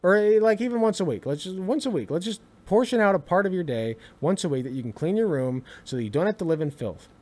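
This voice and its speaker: A man's voice: high voice, lively intonation, quick pace, few pauses, darkish tone. A young man giving casual reaction commentary, exasperated, swearing freely and repeating himself for emphasis.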